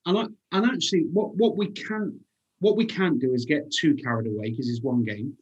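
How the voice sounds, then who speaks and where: Husky-voiced football pundit. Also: male voice, a little high, a little fast, highs cut off. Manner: thoughtful, many ums. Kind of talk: casual football chat.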